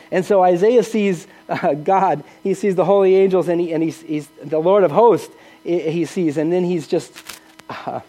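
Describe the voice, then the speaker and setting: A man's voice: high voice, dark tone. A middle-aged man preaching a sermon, earnest and conversational, with frequent restarts and rhetorical questions. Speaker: pastor.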